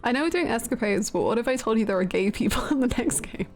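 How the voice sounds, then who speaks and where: Brief: woman live-streamer, chatty and giggly, thanking viewers, slightly high voice, faint music behind. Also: lively intonation, fast talker. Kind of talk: casual live-stream chat.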